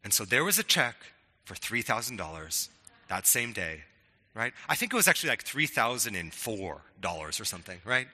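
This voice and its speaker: A man's voice: lowish voice, sing-song, normal speed, bright, forceful tone, long reverb tail. A middle-aged man preaching a sermon in a conversational way, often stammering on restarts and checking in with "right?". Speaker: pastor.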